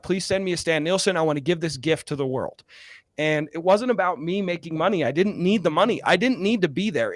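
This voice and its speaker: A man's voice: a little high, a bit bright, no room sound. A man guest in an interview, earnestly telling a personal story with many fillers and growing emotion. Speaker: guest, real estate investor.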